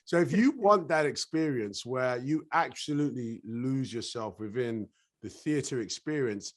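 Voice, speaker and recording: Middle-aged British man, laid-back guest, easy laugh, mid-pitched voice. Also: normal speed. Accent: British English. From England. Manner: relaxed, laughs easily, slips into voices. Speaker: actor guest. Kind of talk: casual interview chat.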